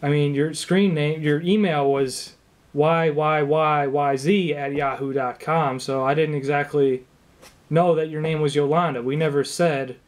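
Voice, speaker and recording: Playing a shoemaker, a young man with a slightly high voice improvises his side of a phone call with an angry customer. At a normal speed, he fires off incredulous questions in a deadpan tone that pretends to be supportive.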